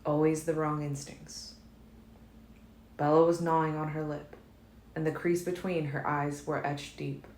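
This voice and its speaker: A woman narrating a fan-made audiobook in a calm, measured first-person reading. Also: low voice. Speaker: audiobook reader. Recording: roomy echo, faint noise.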